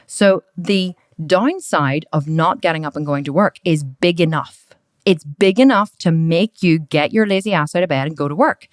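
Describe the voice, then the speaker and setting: Frank, lively woman podcast host. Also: sits low, normal speed, dry recording, clean studio sound. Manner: lively, frank, acts out past conversations. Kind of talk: casual storytelling monologue.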